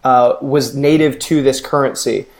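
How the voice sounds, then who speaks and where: A man's voice: steady tone, a little slow. Upbeat male founder, plain mid voice. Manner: fluent, upbeat pitch-style explaining. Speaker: podcast guest, company founder. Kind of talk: podcast interview.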